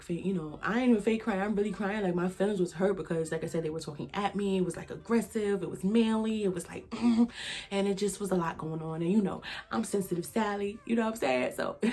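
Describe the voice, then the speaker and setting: A woman's voice: lowish voice, darkish tone. A woman speaks in a casual storytime vlog. Her comes through as she rambles loosely. Fillers and asides to her viewers come up all the way through. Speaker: vlogger.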